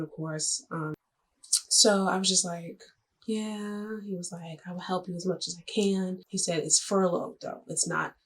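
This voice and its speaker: Husky young woman telling a story. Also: on the low side, fairly bright tone. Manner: chatty, dramatic, jokey, quick asides. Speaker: vlogger. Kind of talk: casual storytelling to camera.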